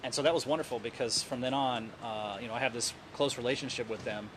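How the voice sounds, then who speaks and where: A man with a Southern US accent talks casually as an interview guest. He rambles and doubles back on words as he thinks, his middle-pitched voice sitting in a noisy restaurant recording with clear background chatter. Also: steady tone, quick pace. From southern United States. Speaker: guest, news editor. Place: Indian restaurant.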